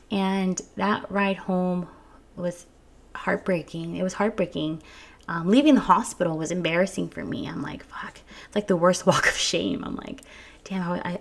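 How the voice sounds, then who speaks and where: Young woman chatting frank from home, swears a bit, kinda low voice w heavy fry. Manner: candid and frank, swears freely, frequent restarts and little laughs. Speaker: vlogger telling her birth story. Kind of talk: casual storytelling to viewers. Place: at home early in the morning.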